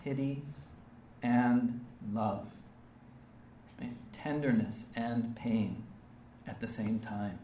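A male preacher delivers an earnest, emphatic sermon and keeps checking in with short rhetorical questions. His voice sits at an ordinary pitch for a man. He is heard from some distance in a reverberant space with faint background ambience. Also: very slow, mellow, slight background noise. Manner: earnest, emphatic, with frequent rhetorical "right?" and "okay?" tags.

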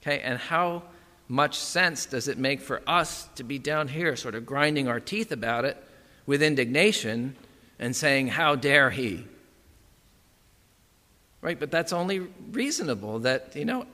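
A man with a high-ish, bright, forceful voice preaches a sermon conversationally, often checking in with "right?" and "okay." The recording has long hall reverb.

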